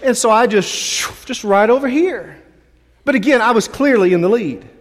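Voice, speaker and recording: High-voiced pastor telling a story in a hall. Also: male voice, lively intonation, moderate pace. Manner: storytelling, chatty, self-deprecating, with restarts. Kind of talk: sermon with a personal story. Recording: long reverb of a large hall.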